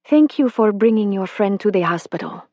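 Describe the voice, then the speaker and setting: A woman reading aloud, voicing a calm, kind female doctor with a slight accent who speaks in a gentle, measured, reassuring way. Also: mid-range voice, no room sound, natural voice.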